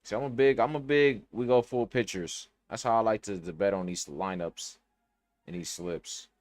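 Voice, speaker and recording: Young male podcast host, low voice, loose slangy rambling, dry close mic. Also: normal speed, dry recording, faint music behind. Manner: rambling, thinking aloud with slang and cursing. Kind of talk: casual sports betting talk.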